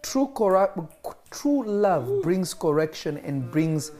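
A man teaching a small group about love and the Bible, answering questions in a lively, storytelling way. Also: on the high side, takes it slowly. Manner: lively storytelling, quotes others.

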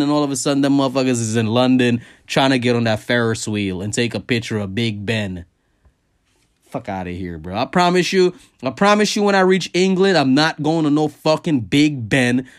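A man holds forth in a loose, foul-mouthed comic rant, his voice sitting a little above the usual male range. He shoots his pitch sharply upward whenever he wants to stress a point, keeping the talk animated and conversational like a podcast host. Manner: profane, animated, jumps high in pitch for emphasis. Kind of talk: casual comedic rant.

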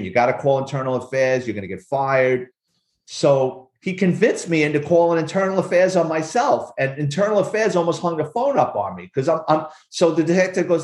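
A man's voice: a little high, roomy sound. A man, a former police officer, telling a profane story in an interview and acting out the people in it. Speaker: guest, retired police officer and author.

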